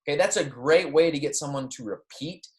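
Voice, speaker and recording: Animated man teaching Spanish. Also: a little high, fairly quick. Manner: animated, explaining with frequent fillers and checks like "right?" and "okay"; modeling Spanish phrases with pronounced rising intonation. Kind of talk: recorded classroom lecture.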